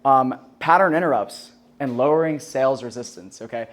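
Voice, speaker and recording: A man's voice: mid-range voice, normal speed. A young man teaching a sales class in a loose, chatty way, leaning on "like" and "right?" and swearing casually. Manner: swears casually and laughs at his own jokes. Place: classroom with a live audience.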